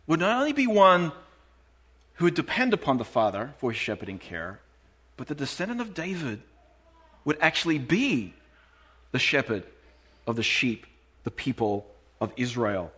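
A man preaching a sermon, reading scripture aloud in a measured, emphatic way and slowing down on key phrases. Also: a little high, big pitch swings, fairly bright tone, husky.

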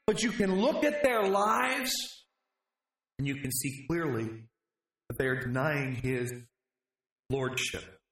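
A man preaching a sermon, telling a scripture story in an animated way with dramatic pauses. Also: sits high, echoey room.

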